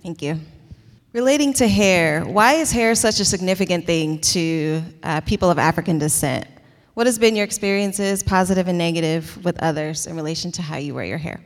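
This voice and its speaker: A woman's voice: lowish voice, normal speed. Woman moderating a student panel. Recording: reverberant hall.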